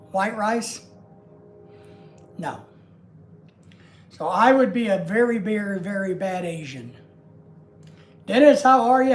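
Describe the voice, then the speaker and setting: A woman with a Southern US accent hosting a livestream, chatting casually with viewers in a rambling, homey way. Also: mid-range voice. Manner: rambling and homey, chatting easily with frequent asides. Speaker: livestream host.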